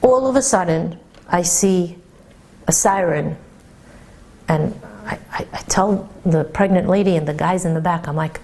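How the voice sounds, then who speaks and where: A woman who teaches religious classes to women, telling a story in an animated, excited way and often stammering over repeated words. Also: on the low side, a little slow, long pauses. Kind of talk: storytelling lecture.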